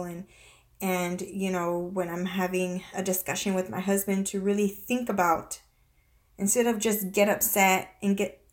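A woman in her thirties talking to her viewers in a personal confessional vlog, halting and close to tears, with many restarts and fillers. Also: medium pitch. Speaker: vlogger.

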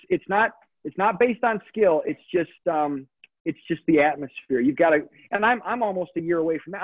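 This comedian, a man in his thirties, speaks in a higher register over a dry, tinny phone-style connection with no echo. During the casual interview he tells his story in a rambling, digressive way and keeps correcting himself.

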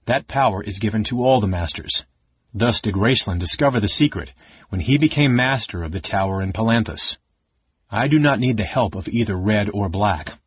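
A man voicing a stern old archmage who speaks in a measured, solemn way. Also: fairly low pitch, animated, breathy edge, no room sound, lo-fi sound. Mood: grim.

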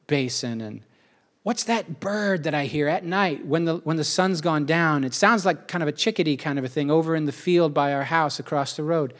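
Speaking in a fairly high pitch, a middle-aged man goes off on a casual, emotional monologue. It rambles, repeats itself often, and is scattered with quick asides.

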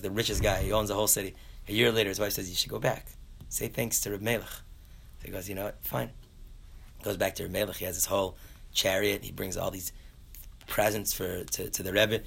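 A man telling a story in a casual Torah class, acting out the characters in a folksy, animated way. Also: low voice, gravelly, husky. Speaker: Torah teacher.

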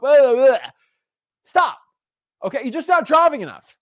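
A man's voice: sits high, dry recording, studio quality. A man giving an intense, preachy motivational talk to camera as a real estate coach, hammering points with repeated phrases.

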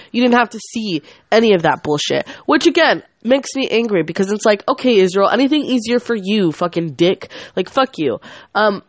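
A woman's voice: mid-range voice, no room sound. A woman in her twenties hosting a podcast, rambling and swearing as she vents angrily, often cutting herself off mid-sentence. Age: 20s. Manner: rambling, profane, angry, self-interrupting. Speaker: podcast host. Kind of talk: casual venting monologue.

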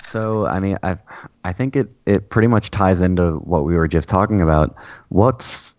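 A man co-hosting a casual podcast, talking in a hesitant, deadpan way. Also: low voice, moderate pace, no echo, muffled recording. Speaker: podcast co-host. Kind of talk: casual chat.

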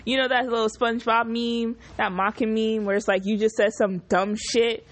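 A woman hosting a casual solo podcast, recapping a show in an animated, profane, exclamatory way. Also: medium pitch, normal speed, hardly any pauses. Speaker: podcast host.

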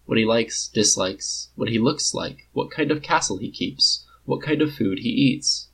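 A man narrating a story in a measured, even reading voice. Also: mid-range voice, vocal fry, a little hiss or hum.

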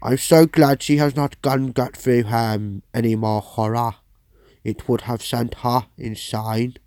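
A man putting on the voice of an elated middle-aged man just freed from prison, speaking high and excited. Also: measured pace, dry recording, natural voice.

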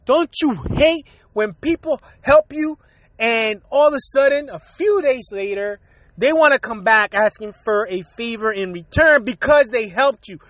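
A man with a strikingly high voice goes on a profane, heated solo rant as host of his own show. He is still getting over a cold and coughs now and then. The sound is dry and close, with no room around it. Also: measured pace, fairly bright tone, no room sound. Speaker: podcast host.

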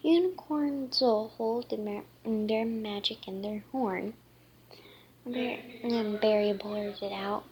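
A woman's voice: medium pitch, darkish tone, slight background noise. Woman reading as a worried young fairy girl. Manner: halting, stumbling delivery. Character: young female strawberry fairy, dramatic.

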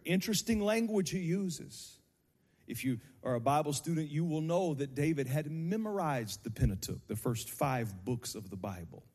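Man, pastor, sermon, slow deliberate delivery, husky voice, swings into shouted and sung lines, handheld mic, church hall echo. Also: medium pitch. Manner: impassioned, rises to shouted and sung cadences. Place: church sanctuary. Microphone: handheld microphone.

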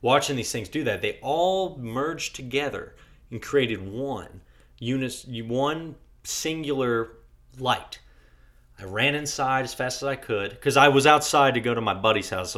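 A young man from Virginia, telling a rambling, foul-mouthed story on a podcast. His voice is bright and forward, and it sits at an ordinary middle pitch for a man. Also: normal speed. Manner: swears freely, rambling with restarts. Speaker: podcast co-host. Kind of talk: casual storytelling chat.

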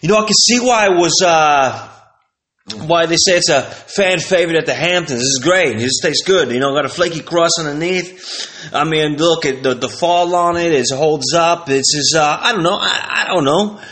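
A man's voice: a little high, normal speed, a bit bright, close to an everyday voice. A man putting on a young male online food reviewer, parodying his hesitant, upbeat tasting comments. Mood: upbeat, appraising. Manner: mocking impression, hesitant and upbeat.

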